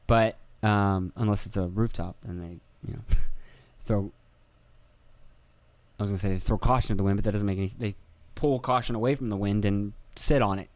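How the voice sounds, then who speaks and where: A young podcast host rambles through a casual monologue, swearing freely and jokingly acting out other people's voices. He speaks in a lowish, fairly even voice at normal speed, with no echo.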